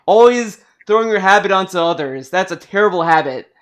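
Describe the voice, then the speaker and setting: A man's voice: high voice, expressive, brisk, a bit bright. A man doing a snarky talking book. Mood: scornful. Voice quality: sneering, dismissive.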